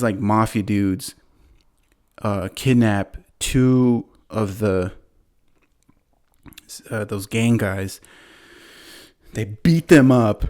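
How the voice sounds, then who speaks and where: A man with a lowish voice, chatting loosely as he recaps a film for his podcast. He wanders through the plot with plenty of "like"s and restarts, breaking into short laughs along the way. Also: a little mellow. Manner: rambling, filler-heavy, laughs often. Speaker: podcast host. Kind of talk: casual chat, retelling a movie plot.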